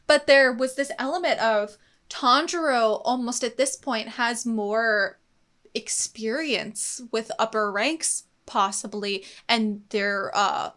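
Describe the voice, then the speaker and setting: A young woman with a slightly high voice talks in a relaxed, enthusiastic way. She thinks aloud as she goes, with plenty of fillers and small restarts, like a co-host in a casual discussion. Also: takes it slowly. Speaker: co-host of an anime reaction channel.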